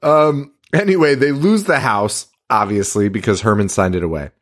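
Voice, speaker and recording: A man's voice: on the low side, moderate pace. A man co-hosting a horror movie podcast, recapping a film in casual chat, swearing often and acting out characters' lines. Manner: animated, swears a lot, acts out characters' lines. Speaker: podcast co-host.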